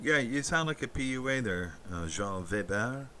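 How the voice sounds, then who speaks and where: A man hosts a casual livestream, reading and answering chat messages aloud. His voice is bright and forceful, and his speech wanders with many halting restarts. There is a faint hiss of noise behind him. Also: mid-range voice, expressive. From Canada.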